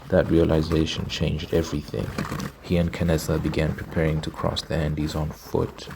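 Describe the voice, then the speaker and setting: A man's voice: extremely low pitch, creaky, background noise. A man doing whispered ASMR storytelling, reading a story aloud and stopping to react to it. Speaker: ASMR creator.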